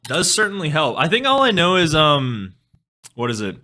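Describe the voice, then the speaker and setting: A man's voice: on the high side, very animated, moderate pace, sharp tone. A young man from western Canada with a Canadian accent, chatting casually and rambling to his live-stream chat. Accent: Canadian English. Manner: rambling, loses train of thought, swears casually. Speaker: music streamer.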